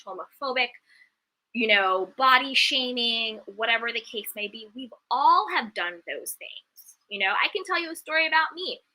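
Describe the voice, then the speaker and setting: A woman's voice: a little high, bright, forceful tone, rough recording. A young adult woman hosting a casual live-stream, giving candid, emphatic opinions and reading viewer comments aloud. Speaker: reality TV commentary host.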